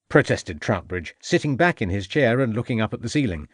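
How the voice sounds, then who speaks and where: Expressive male audiobook narrator. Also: mid-range voice, fairly quick, dry recording, studio quality. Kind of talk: scripted narration.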